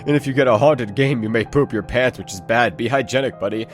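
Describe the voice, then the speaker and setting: A man voicing a towering male game-shop clerk who gives gruff, lecturing warnings. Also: medium pitch, a little fast, soft background music, close to an everyday voice.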